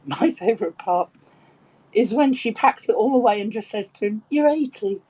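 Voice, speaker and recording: A woman telling a joke with lively, animated delivery and some swearing in a casual online chat. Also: mid-range voice, moderate pace, a little hiss or hum, low-quality recording. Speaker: participant in an online audio chat room.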